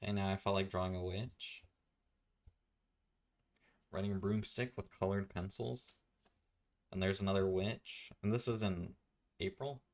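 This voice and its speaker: A man with a low, deep voice rambles through a tour of his sketchbooks. He talks in an offhand, quiet way, mostly to himself. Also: fairly even intonation, unhurried, pauses often. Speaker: artist streamer. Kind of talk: casual rambling commentary.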